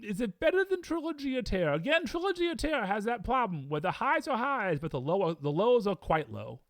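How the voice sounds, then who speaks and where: Talking fairly quickly in a high, somewhat bright voice with big pitch swings, a film reviewer enthusiastically works through his rankings. He weighs each movie against the rest aloud, chatting casually, and the recording is dry and studio-clean.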